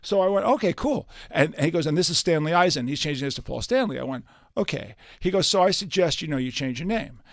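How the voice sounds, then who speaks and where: In a radio studio with clean sound and no room tone, an older male musician appears as an interview guest. His voice is a little high, quick and almost pause-free as he tells stories animatedly, acting out the quoted dialogue.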